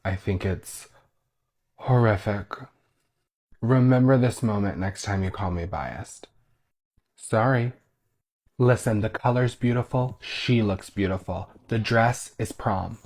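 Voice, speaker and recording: A man's voice: fairly low pitch, takes it slowly, long pauses, a little mellow. A man giving blunt, opinionated commentary on red carpet outfits. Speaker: fashion commentator. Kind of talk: casual commentary.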